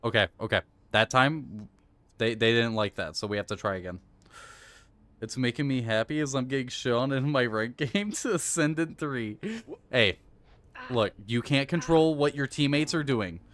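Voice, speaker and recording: A male game streamer riffs into a close desk mic in a dry, deadened room. He coaches himself through tricky moves, then bursts into loud, profane rage and cackling laughter. His voice sits at an ordinary middle pitch for a man. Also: normal speed, no room sound. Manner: excitable, swears and rages, coaches himself aloud. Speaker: live streamer. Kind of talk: live gameplay commentary.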